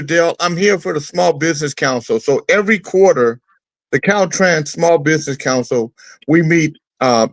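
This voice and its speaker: A man's voice: medium pitch, dry recording, low-quality recording. A man hosting a morning talk show, explaining his business trip at length in casual chat with many fillers. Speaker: show host calling in. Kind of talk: casual radio chat by phone. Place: on a phone line, away from the studio. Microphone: phone.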